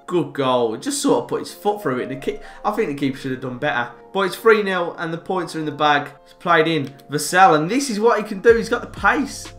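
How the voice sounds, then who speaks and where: A young man with a Birmingham accent commentating his own football video game in a chatty, excitable way. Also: a little high, fairly quick, few pauses. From England. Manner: chatty, excitable, shouts at goals. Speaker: gaming YouTuber. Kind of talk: gameplay commentary. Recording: roomy with game music behind.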